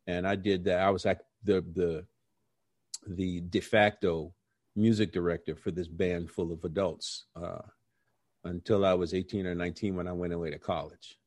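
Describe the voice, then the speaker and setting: A middle-aged man with a low voice recalls his early career in an unhurried interview. He tells it animatedly and acts out the voices of the people he quotes. The recording is dry and close, with no room sound. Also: a little mellow, no room sound. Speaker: interview guest, jazz musician. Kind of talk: storytelling in a conversational interview.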